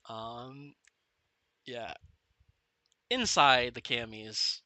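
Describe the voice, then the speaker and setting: Rambling ex-Marine gamer in his forties, very sharp forceful voice, dry close sound, laughs through his war stories. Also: medium pitch, lively intonation, drawn-out words, no echo. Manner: rambling storytelling, often laughing, filler-heavy. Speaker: gameplay commentator and former Marine. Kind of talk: casual commentary while playing.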